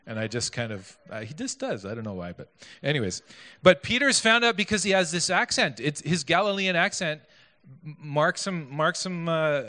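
In an echoey hall, a man with a high-leaning, bright, forceful voice preaches a sermon in a conversational manner, posing questions to his listeners and tossing in self-deprecating asides.

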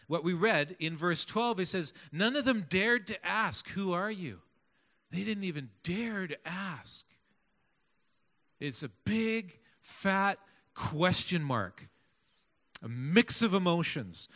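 Pastor, male, high bright voice, slow deliberate delivery, questions the congregation. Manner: animated, asks the congregation questions. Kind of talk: sermon.

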